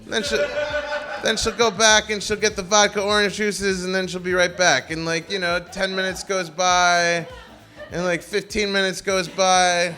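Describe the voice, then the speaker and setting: High-voiced man telling a comic story. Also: little pitch movement, normal speed, faint music behind. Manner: rambling, self-mocking, with bursts of shouting. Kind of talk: live comedic storytelling.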